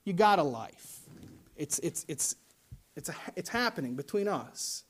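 A man voicing God as a gentle, fatherly older male deity who tenderly calls the listener dear. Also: fairly high pitch, expressive, measured pace, voice pushed down. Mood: soothing.

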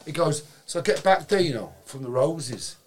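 Lively man telling stories. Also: fairly high pitch, moderate pace, slight background noise. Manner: animated, swears freely, acts out quotes, laughs while telling. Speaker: guest. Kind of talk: anecdotal storytelling in casual chat.

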